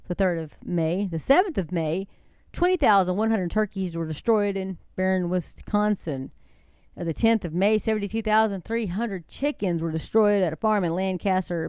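Chatty woman, smooth dry voice. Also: medium pitch, brisk, darkish tone, no echo. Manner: chatty, digressive, addresses listeners as folks. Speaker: commentator reading a list of incidents. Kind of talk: casual monologue.

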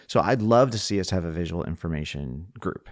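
A man co-hosting a podcast in casual chat, talking quickly and laughing easily, recorded in a dining room. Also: low-pitched, lively intonation, no echo, studio quality. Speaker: podcast co-host.

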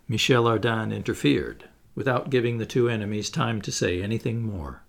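Male narrator for a classic adventure audiobook; gravelly texture, lively melodic delivery, pitches up for dialogue. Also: moderate pace, hardly any pauses. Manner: lively reading, raises pitch for quoted characters. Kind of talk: audiobook reading of a classic novel.

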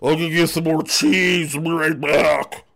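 A man putting on a loud, dim-witted young bro who calls himself a rebel, in a boastful drawl. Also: fairly high pitch, steady tone, measured pace, gravelly.

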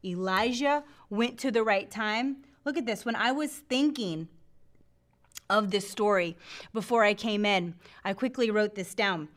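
A woman's voice: medium pitch, unhurried. A middle-aged woman hosting a faith show, teaching from the Bible with lots of laughter and acted-out voices. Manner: laughs often, acts out scripture voices. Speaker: faith podcast host.

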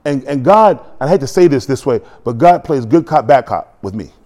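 A man preaching a sermon in a church, animated and joking, acting out quotes as he goes. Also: medium pitch, normal speed. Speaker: pastor.

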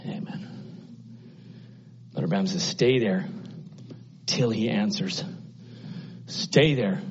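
A man preaching a sermon, moving between urgent, raised exhortation and soft, hushed near-whispers. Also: mid-range voice, slightly rough. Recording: muffled lo-fi sound.

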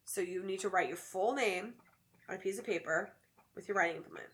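Talking fairly quickly in a mid-range, slightly bright voice, a female podcast co-host keeps the chat casual and jokey. She goes through the steps of a spooky game in lengthy detail.

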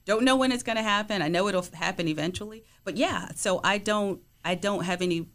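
A woman's voice: mid-range voice, a little fast. A middle-aged woman telling stories about her son in a casual podcast chat, with lots of "you know" fillers. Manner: warm storytelling, frequent "you know" fillers. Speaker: guest, player's mother.

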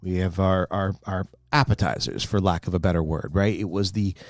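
A man telling a long personal story in casual chat, animated and exasperated, growing indignant as he goes. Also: low voice, brisk, no room sound, studio quality. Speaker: guest storyteller.

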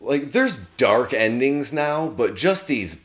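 A man's voice: mid-range voice, very animated, takes it slowly, fairly bright tone. Profane laid-back man reviewing a movie. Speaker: podcast co-host. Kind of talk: casual movie review chat.

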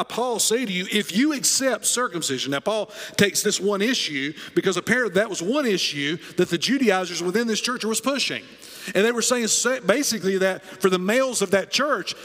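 High-voiced preaching man in reverberant church. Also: fairly bright tone. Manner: emphatic preaching, repeats key phrases. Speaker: pastor. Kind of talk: sermon. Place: church sanctuary. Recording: long reverb of a church hall.

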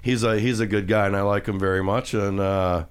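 A man's voice: on the low side, fairly even intonation, fairly quick, clear, resonant tone. A middle-aged man hosting a radio show, chatting casually and joking in a rambling, self-mocking way. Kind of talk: casual studio banter. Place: radio studio.

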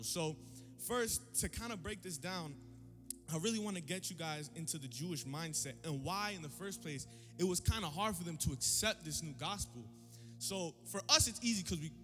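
High-voiced man preaching casually. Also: big-room sound. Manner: animated, slangy, conversational. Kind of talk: casual sermon.

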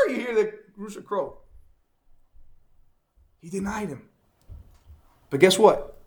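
A man teaching a Bible lesson to a class, animated and asking his listeners questions as he goes. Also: high-pitched, normal speed, long pauses.

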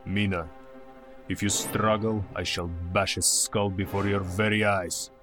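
An actor playing a cruel, commanding male vampire count who speaks slowly and threateningly, in radio drama style. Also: level tone, natural voice. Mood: menacing. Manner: slow, low and threatening. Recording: dramatized with loud music.

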